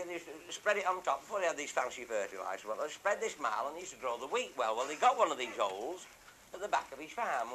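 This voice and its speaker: An older man telling a rambling comic anecdote, earthy and swearing freely as he acts out the voices of the people in it. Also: on the high side. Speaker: storyteller. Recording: loud background hiss.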